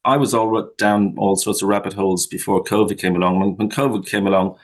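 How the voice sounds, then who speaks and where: A man joins a talk radio show as a guest. His voice is fairly low, and he talks in a friendly, chuckling way, often stopping and restarting his sentences. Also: steady tone, fast, poor audio. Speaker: guest, campaign founder. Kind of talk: radio interview.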